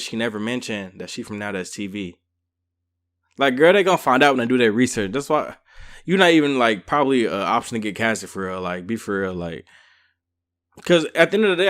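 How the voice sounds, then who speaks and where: A man giving a casual, slangy recap and review of a reality show episode. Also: medium pitch. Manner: chatty, slangy, lively storytelling.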